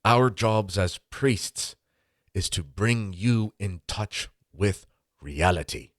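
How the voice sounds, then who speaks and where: A man doing an impression of an old Irish priest, with an Irish accent, delivering a slow, preachy sermon. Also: fairly low pitch, lively intonation, no room sound, clean studio sound. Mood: preaching. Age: older.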